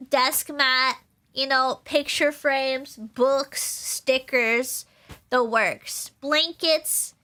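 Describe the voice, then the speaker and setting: Young woman, streamer, casual rambling chat, high voice, bouncy swooping intonation, lots of laughing. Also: sharp tone. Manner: rambling and chatty, with frequent fillers and laughs. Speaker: VTuber streamer.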